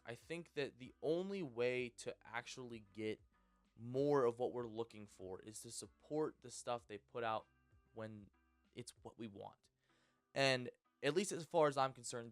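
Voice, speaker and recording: A man in his twenties hosting a casual, ranting vlog, rambling and excitable with frequent restarts. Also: medium pitch, no echo. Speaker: channel host.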